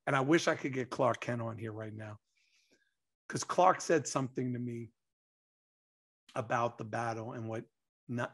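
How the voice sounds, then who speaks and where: Excitable man telling stories, gravelly. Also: mid-range voice. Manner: excitable, acts out quotes, laughs. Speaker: interview guest. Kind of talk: animated storytelling.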